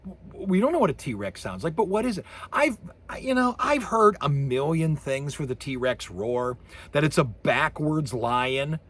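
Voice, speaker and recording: Animated husky male lecturer. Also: a little high, unhurried. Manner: animated, imitates sound effects with his voice. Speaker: university lecturer. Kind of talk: recorded course lecture.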